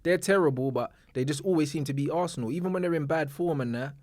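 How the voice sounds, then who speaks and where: A young man with a slightly raised pitch, recorded dry and close. He talks football in relaxed street slang and often sinks into low mutters. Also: quick pace, dry recording. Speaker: podcast co-host. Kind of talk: casual football banter.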